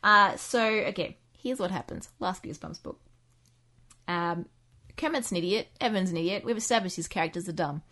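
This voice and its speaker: Woman, low-ish voice, rambling, sarcastic casual storyteller. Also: normal speed, pushed and bright. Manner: rambling, sarcastic, full of fillers and asides. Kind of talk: casual chat, recapping books.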